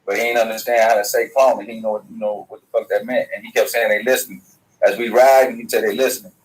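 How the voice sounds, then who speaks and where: Fast-talking man telling a story. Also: lowish voice, flat delivery, rough recording. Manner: fast, loose slang-heavy talk with profanity. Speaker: guest. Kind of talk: rambling storytelling.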